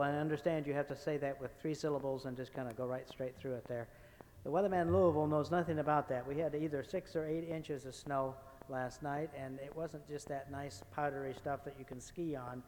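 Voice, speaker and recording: A man's voice: medium pitch, a little mellow, slight background noise. A man preaching a sermon as a guest speaker, folksy and anecdotal, joking with the congregation before moving into Scripture. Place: church sanctuary. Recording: long church reverb.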